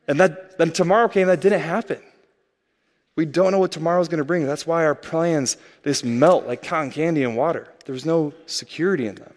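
A young man preaches in a relaxed, chatty manner, tossing rhetorical questions to his congregation. His voice sits a little high for a man. The sound carries the long reverb of a big church hall. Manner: conversational, asks rhetorical questions. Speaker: pastor. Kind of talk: sermon.

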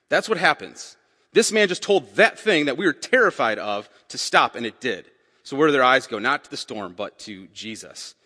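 A man's voice: mid-range voice, bright, forceful tone, big-room sound. A man preaching a sermon in a conversational way, asking the congregation questions and repeating key phrases. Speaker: pastor.

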